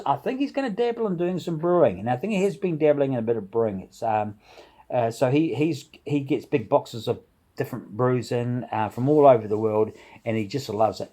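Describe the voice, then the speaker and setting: A middle-aged man with a warm, mellow voice hosts his home brewing vlog. He talks casually and enthusiastically, rambles a little and chuckles along the way. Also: medium pitch. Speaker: home brewing channel host. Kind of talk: casual vlog shout-outs.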